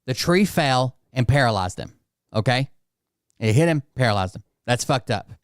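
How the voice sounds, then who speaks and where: A man's voice: mid-range voice, lively intonation, normal speed, dry recording, studio quality. A man hosting a reaction show, talking in a blunt, profane, exasperated way. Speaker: channel host reacting to clips. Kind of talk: casual reaction commentary.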